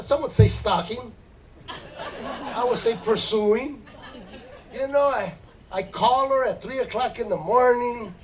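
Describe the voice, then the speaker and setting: High-voiced stand-up comedian. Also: male voice, recorded from a distance, rough recording. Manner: storytelling, slipping into Spanish and acted voices. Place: live theater stage before an audience.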